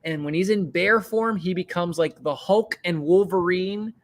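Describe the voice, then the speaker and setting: A man's voice: high-pitched, normal speed. A man streaming, talking casually and rambling about his tabletop character, swearing now and then. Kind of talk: casual chat.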